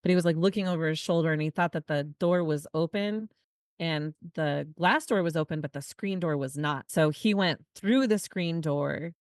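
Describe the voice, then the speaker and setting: Low-voiced woman telling a story. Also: no room sound, studio quality. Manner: animated storytelling, quick asides. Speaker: podcast co-host. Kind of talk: casual conversation.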